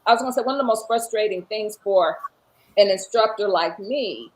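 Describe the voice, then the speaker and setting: In a casual interview, a woman who teaches line dance and paints murals tells stories and acts out the dialogue in them. Her voice is mid-range and she talks a little fast, captured on a rough recording.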